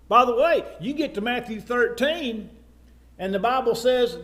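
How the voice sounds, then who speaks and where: Texan guy preaching bible class, high voice, chatty with lots of uh's and you know's. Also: animated, normal speed, a bit bright. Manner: conversational, many fillers and asides. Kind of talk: sermon, Bible class teaching.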